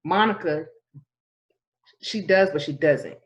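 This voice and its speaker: A woman's voice: low voice, slow pace, muffled recording. A woman co-hosting a podcast in casual chat, explaining things at length and breaking into bits of song. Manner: explains things at length, sings snatches of songs. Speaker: podcast co-host.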